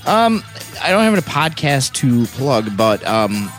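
A man co-hosting a podcast, cracking crude jokes in a lively manner. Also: medium pitch, unhurried, soft background music. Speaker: podcast co-host. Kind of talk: casual podcast chat.

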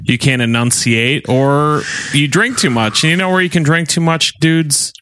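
A man's voice: fairly high pitch, moderate pace, fairly bright tone. Male co-host with teasing questions. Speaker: podcast co-host. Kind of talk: casual chat.

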